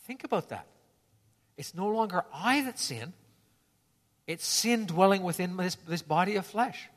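A male pastor preaches earnestly in a conversational way, often restarting his phrases. His voice sits fairly high for a man. A long hall reverb trails behind every line. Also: lively intonation, unhurried. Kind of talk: sermon.

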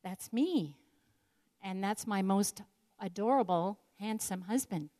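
A woman's voice: medium pitch, takes it slowly, mellow. An older woman telling a personal story in an earnest, reflective devotional talk. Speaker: speaker sharing a personal story.

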